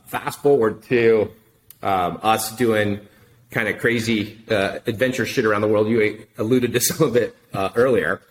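A middle-aged man tells a story in a relaxed interview. He swears freely and acts out each exchange. His pitch jumps high whenever he quotes someone. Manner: animated, profane, acts out quoted dialogue. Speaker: podcast guest, wine consultant.

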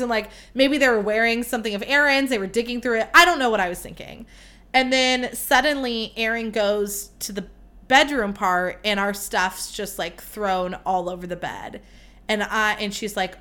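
A woman's voice: fairly high pitch, normal speed, a bit bright. Rambling, swearing young woman podcaster. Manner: rambling, filler-heavy, swears often. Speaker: podcast host. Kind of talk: casual storytelling.

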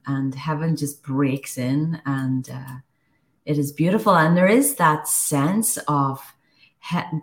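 Female podcast co-host, low and unhurried, reflective, searching for her words. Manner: thoughtful, halting, with frequent restarts. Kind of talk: reflective faith conversation.

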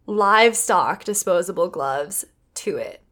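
A young adult woman co-hosting a casual chat, telling a story with animated, acted-out quotes. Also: on the low side, a little slow. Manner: animated, acts out quoted voices. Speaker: podcast co-host.

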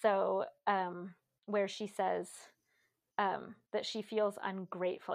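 A woman's voice: medium pitch, steady tone, slow, gravelly, darkish tone. A woman in a casual book discussion, talking thoughtfully with many fillers and restarts.

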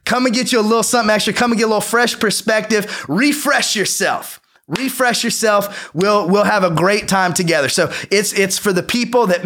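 A man's voice: high voice, a little fast, few pauses, fairly bright tone. A man hosting a meditation course on a livestream, talking in a loose, playful, slangy way with frequent restarts. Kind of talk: casual Instagram Live talk.

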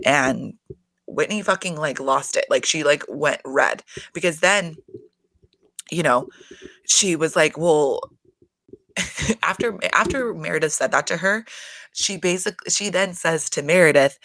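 A woman recapping a reality show in casual, animated chat, swearing freely and laughing often. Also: low voice, unhurried, pauses often, no echo. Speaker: reality TV commentator.

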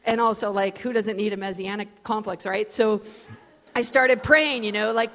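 A woman preacher giving a storytelling sermon in a casual, animated way, full of fillers. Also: mid-range voice, normal speed, big-room sound. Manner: conversational, animated, many fillers. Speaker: preacher, guest speaker. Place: large event hall.

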